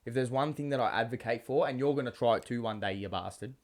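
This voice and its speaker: Aussie bloke hosting a podcast, keen and teasing, swears constantly, normal middle pitch. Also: male voice, quick pace. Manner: enthusiastic, swears freely, teasing. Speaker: podcast co-host. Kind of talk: casual podcast chat.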